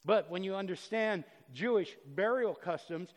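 A man preaching a sermon earnestly, swinging between loud emphasis and soft, low passages. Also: animated, moderate pace. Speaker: pastor. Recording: long reverb of a hall.

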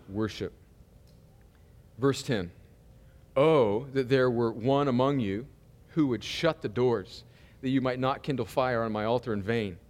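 A pastor preaching a sermon in a loose, conversational style, full of humor and asides. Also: male voice, medium pitch, a little mellow, long reverb tail.

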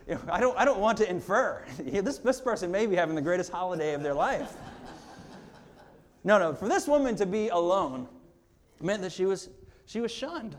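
Higher-pitched male pastor preaching conversationally. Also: animated, fairly quick. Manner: conversational, with humorous asides and laughs; earnest, drops quiet on serious points. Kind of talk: sermon.

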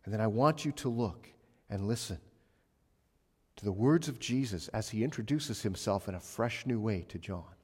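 A man's voice: fairly low pitch, normal speed, husky. Emphatic male preacher in a reverberant hall. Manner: emphatic preaching, swinging from loud to hushed. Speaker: pastor. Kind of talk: sermon. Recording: long reverb of a large hall.

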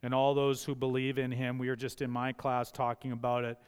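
A man's voice: mid-range voice, flat delivery, brisk, clear, resonant tone. An older man preaching a sermon as pastor, emphatic and repeating key phrases for effect. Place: church sanctuary. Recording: long hall reverb.

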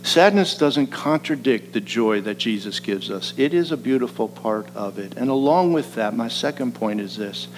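A man preaching a sermon. He moves between quiet, slow reflection and rising, emphatic passages. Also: mid-range voice, lively intonation, faint music behind, poor audio. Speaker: pastor.

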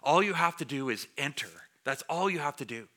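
A man's voice: on the high side, animated, a little fast, pushed and bright. A man preaching a sermon to a congregation as their pastor, speaking in a conversational way and joking with the listeners. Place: church before a congregation.

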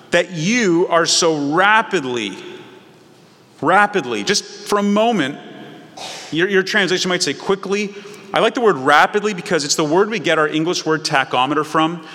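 A male pastor delivers a sermon with a bright, forceful tone pitched a little above average. He is animated and acts out little scenes as he explains. His voice rings with a long reverb from a big hall.

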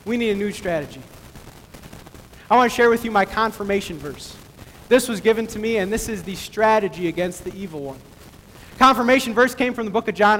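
A man with a very high voice preaches an emphatic sermon, often climbing into excited bursts. His voice carries with a long reverb from a large hall. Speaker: pastor.

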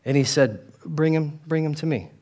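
A male pastor giving a conversational sermon and voicing the disciples in quick asides. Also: fairly high pitch, a little mellow.

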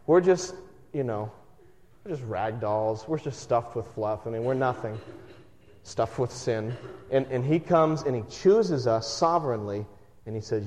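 Preacher man in a big echoing hall. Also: mid-range voice. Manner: conversational, animated storytelling with self-deprecating humor. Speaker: pastor. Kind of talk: sermon. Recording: muffled sound from a reverberant hall.

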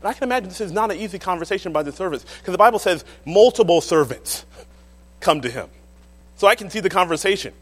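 A man preaching a sermon in church, telling the story with animated, dramatic delivery. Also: high-pitched, fast.

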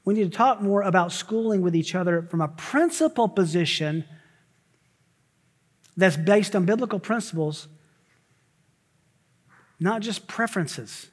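A pastor preaching from the pulpit, a man with a notably high voice. He talks emphatically, jumping into sharp rising exclamations and quick asides. His words ring out with a long reverb through a church sanctuary. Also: lively intonation. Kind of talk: sermon.

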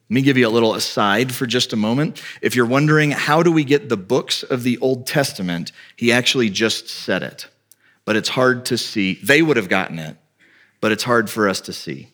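A male pastor preaching a sermon with lively delivery, often acting out quoted speakers in a raised voice. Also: fairly low pitch, a little fast.

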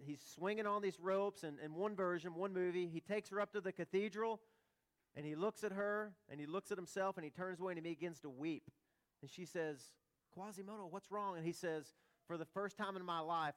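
A male pastor delivers a sermon with a fairly high voice. He talks in a conversational way, throwing out rhetorical questions and light humorous asides.

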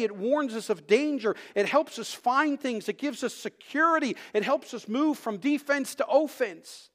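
A man preaching a sermon in a high, lifted voice. He tells a personal story with lots of drama, dropping to a hush, then rising to loud bursts. Now and then he restarts a word mid-sentence. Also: moderate pace, few pauses. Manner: animated storytelling, swings from loud shouts to hushed tones. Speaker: pastor.

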